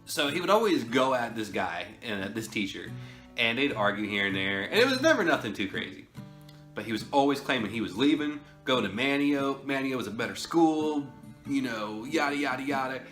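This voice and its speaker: A man's voice: medium pitch, sing-song, moderate pace, a bit bright. A man telling a story in a casual, rambling way, often chuckling. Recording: roomy echo, faint music.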